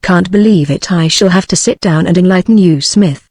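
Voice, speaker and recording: A woman's voice: on the low side, normal speed, husky, no room sound, clean studio sound. Flighty breathless hostess, read by a synthetic British woman. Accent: British English. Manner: flat synthetic reading.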